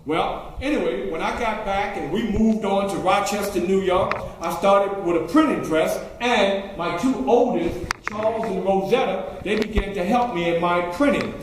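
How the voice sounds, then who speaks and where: Speaking in first person as a historical figure, this reenactor tells his life story in a folksy manner and poses questions to the audience. His high voice runs at normal speed with hardly any pauses, and there's a little hiss or hum. The library event room is very echoey, with faint ambience.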